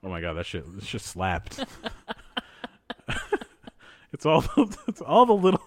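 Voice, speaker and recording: Lively, joking American man. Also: fairly high pitch, slow pace, no echo. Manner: joking, profane, laughs often. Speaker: podcast co-host. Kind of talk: casual chat.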